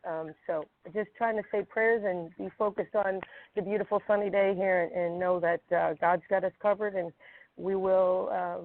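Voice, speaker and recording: A woman caller speaks on a tinny phone line, her voice narrow and thin. She talks in an emotional, halting way, pausing often to find her words. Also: lowish voice, slight background noise. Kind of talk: call-in phone chat. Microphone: telephone.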